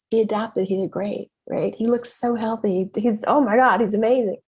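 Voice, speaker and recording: A middle-aged woman hosting her own podcast, telling a story in a lively, conversational way with frequent exclamations and laughter. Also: medium pitch, normal speed, few pauses, breathy edge. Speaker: podcast host and business mentor. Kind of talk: casual solo podcast monologue.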